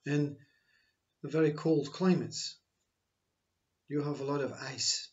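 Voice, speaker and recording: A man giving a slow, reflective spiritual talk, repeating his phrases as he teaches. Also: on the high side, steady tone, darkish tone, dull audio. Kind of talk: spiritual monologue.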